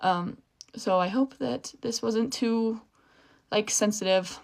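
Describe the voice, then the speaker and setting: A woman's voice: a little high, slow pace, vocal fry, slight background noise. A young woman in a casual vlog rant, heated and swearing, rambling with false starts and restarts.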